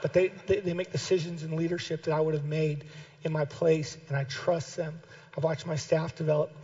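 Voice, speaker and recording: A male pastor preaching a sermon with passion, repeating key phrases and building to shouted calls to keep going. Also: fairly high pitch, level tone, brisk, breathy edge. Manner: impassioned, builds to shouted exhortation. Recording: dull lo-fi recording.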